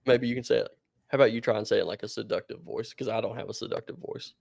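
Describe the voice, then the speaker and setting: Gravelly, laid-back male podcast co-host. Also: fairly low pitch, fast talker, darkish tone, no room sound, clean studio sound. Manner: rambling storyteller, laughs often. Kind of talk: casual podcast chat.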